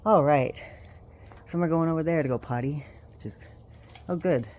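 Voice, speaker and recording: A woman's voice: sits low, normal speed, darkish tone. A woman filming her puppies at home and in her yard, chatting to the camera and coaxing them outside, sometimes winded. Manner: coaxing and scolding puppies, often laughing and sighing. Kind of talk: casual vlog narration. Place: home and backyard, indoors and outdoors. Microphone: handheld video camera.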